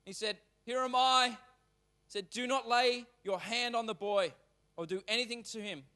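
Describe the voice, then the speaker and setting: A male pastor gives a sermon in church with a fairly high voice. He moves between reading scripture and loose, animated talk, often turning suddenly loud or quiet. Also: moderate pace.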